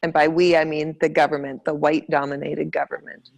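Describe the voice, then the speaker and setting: A woman's voice: low voice, flat delivery, brisk, vocal fry. A woman in casual conversation, talking reflectively and hesitantly as she searches for her words.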